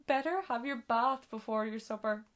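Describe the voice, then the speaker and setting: A woman reading a storybook aloud and voicing a busy, kindly household cook who talks in a brisk, practical way. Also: on the high side, close to an everyday voice.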